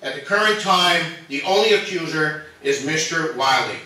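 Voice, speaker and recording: A nervous man with a somewhat high, bright voice delivers an earnest, emotional public statement at a meeting. He is picked up from a distance in a large, very echoey chamber. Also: animated, normal speed. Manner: earnest, emotional, defending himself. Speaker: resident speaking at public comment. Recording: echoey hall from far off.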